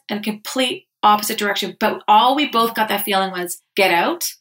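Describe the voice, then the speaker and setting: A woman's voice: mid-range voice, brisk, a bit bright. A woman co-hosting a paranormal podcast, telling stories in casual chat with lots of "like". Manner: chatty storyteller, many "like"s. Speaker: podcast co-host.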